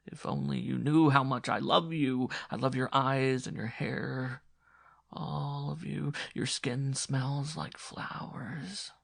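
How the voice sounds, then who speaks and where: A man's voice: medium pitch, steady tone, slow pace, creaky, no room sound, studio quality, pitched above the performer's own voice. A man voicing a feverish, lovesick dying young man who pleads breathlessly and fades into whispers in an audio drama. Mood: tender pleading. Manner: breathless, imploring, fading to a whisper.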